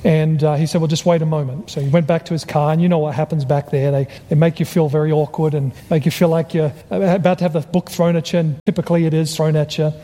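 A man's voice: a little high, fast talker, few pauses, in a large hall. A man from Australia with an Australian accent, preaching a sermon and telling a personal story, acting out the voices of the people in it. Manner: animated storyteller, acts out quoted voices.

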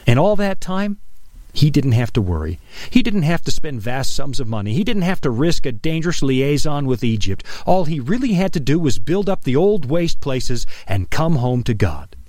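A man preaching an earnest radio sermon, dropping his voice low for quoted scripture. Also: sing-song, normal speed, a little mellow, no room sound. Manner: earnest, emphatic, drops low for quoted lines. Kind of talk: broadcast sermon.

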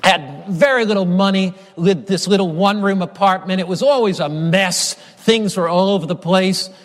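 A man's voice: high-pitched, normal speed, in a large hall. A male pastor preaching a sermon with an emphatic, repetitive cadence.

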